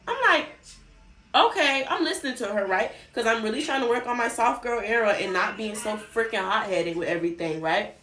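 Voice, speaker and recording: A young woman telling a storytime on her vlog in a chatty, animated way, swearing and talking straight to her viewers. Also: on the high side, a little fast. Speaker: vlogger. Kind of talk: casual storytime chat. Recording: roomy echo, faint background music.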